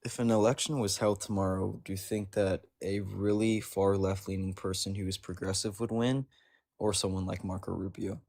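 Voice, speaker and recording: A man in his twenties calls into a live stream to debate. His voice is very deep and gravelly, recorded dry. He answers plainly and evenly. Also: flat delivery, normal speed, darkish tone, no room sound. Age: 20s. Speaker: caller. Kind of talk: casual debate call.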